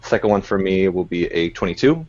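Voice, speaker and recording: A man's voice: low voice, animated, a little fast, darkish tone, muffled recording. A man playing a tabletop game, talking hesitantly with many fillers. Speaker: player.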